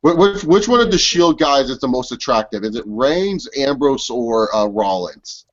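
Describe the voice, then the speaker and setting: A young man hosts a loose, joking chat, swearing freely and sliding into impressions. His pitch moves around a lot. The recording sounds dull and lo-fi. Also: very animated, moderate pace. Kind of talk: casual chat.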